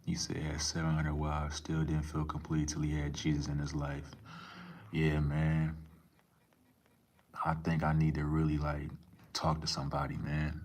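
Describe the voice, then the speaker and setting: A man's voice: a bass voice, monotone, normal speed, a little mellow. A young man live streaming, talking casually and reading chat aloud, laid-back and profane with lots of slang.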